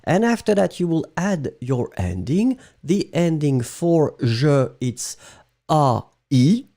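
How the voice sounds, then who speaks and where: French-accented teacher with a gravelly voice. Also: male voice, on the high side, very animated, takes it slowly, dark tone. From France. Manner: friendly, greets students by name, mixes French into English. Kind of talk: live online language lesson.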